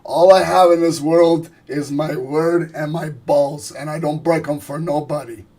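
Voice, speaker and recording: A raspy, hot-tempered gangster boss barks out his lines with a swagger, as a man puts him on. The voice sits a little high and sounds rough and husky. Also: fairly even intonation, measured pace, warm tone.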